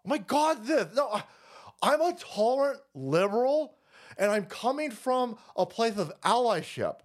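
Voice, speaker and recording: A shrill, hysterical woman, self-righteous and squealing, lurches way up high and swoops all over as a man mocks her in falsetto. The voice is exaggerated and cartoonish in its outrage. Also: very animated, a little slow, heavily acted. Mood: shrill, mocking.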